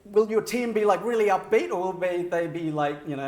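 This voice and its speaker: A man giving a keynote speech to a live audience, animated, shifting his pitch and pace for effect and laughing often. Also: a little fast, roomy sound, slight background noise. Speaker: keynote speaker. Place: large venue with audience.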